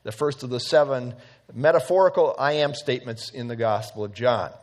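A man's voice: medium pitch, brisk. A man teaching an evening Bible study, earnest and emphatic, quoting scripture at length.

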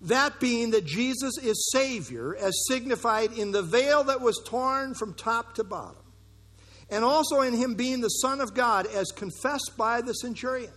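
A man pastor preaching a sermon in church, earnest and emphatic, slowing down to stress key phrases. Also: very high-pitched, expressive, a bit bright.

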